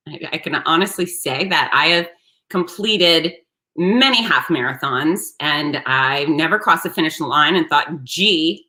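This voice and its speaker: A woman hosting her own show, telling a story in a blunt, salty, animated way. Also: sits low, a little slow. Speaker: host. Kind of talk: casual storytelling monologue.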